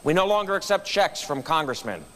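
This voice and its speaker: High-voiced man telling a funny story. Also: big pitch swings, brisk, noisy background. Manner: storytelling with punchlines. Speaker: guest speaker at a club meeting. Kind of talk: humorous motivational speech. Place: meeting room.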